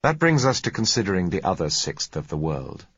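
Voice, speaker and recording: Low, husky male audiobook narrator. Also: sing-song, brisk, a bit bright, no room sound, dull audio.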